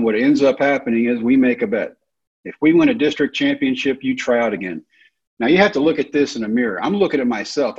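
A man's voice: mid-range voice, darkish tone, slightly rough, muffled recording. A man, telling his life story and acting out the other people's lines. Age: 30s. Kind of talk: storytelling talk.

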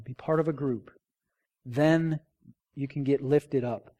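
A man's voice: on the high side, unhurried. A man preaching a sermon as a pastor, informal and joking, telling stories with voices for the people in them. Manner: animated storytelling with acted-out quotes.

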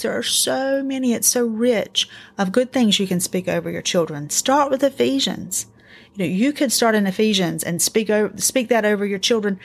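A middle-aged woman hosting a casual faith-based parenting talk, earnest and encouraging, telling family stories in an animated way. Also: mid-range voice, husky. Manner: earnest, encouraging, animated storytelling with acted quotes. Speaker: podcast host.

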